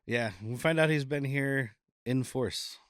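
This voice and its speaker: A man's voice: medium pitch, unhurried, a bit bright, no room sound, studio quality. A man co-hosting a podcast, chatting casually and laughing often as he recaps an episode. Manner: laughs often, loose and rambling. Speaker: podcast co-host. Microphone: podcast mic on camera.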